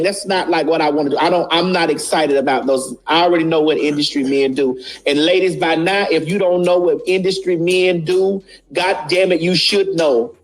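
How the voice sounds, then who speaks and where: A woman giving a blunt, casual commentary, preaching her point and repeating lines for emphasis, swearing freely. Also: lowish voice.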